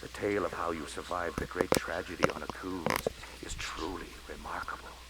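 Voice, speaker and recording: An actor voicing a polite, scheming male alien financial agent in a video game, speaking in a courteous, formal, flattering way. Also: low-pitched, moderate pace. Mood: smooth formal. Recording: noisy game audio capture.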